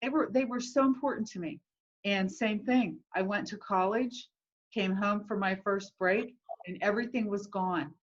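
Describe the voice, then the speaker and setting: A woman's voice: medium pitch, normal speed, lo-fi sound. A woman guest sharing childhood memories earnestly, breaking into laughter now and then. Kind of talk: candid conversational chat.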